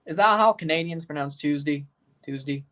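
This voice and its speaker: A man's voice: on the high side, animated, normal speed, a bit bright. A man with a Southern US accent, chatting casually as a livestream host and answering viewers' comments. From Mississippi, US. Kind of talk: casual livestream watchalong chat.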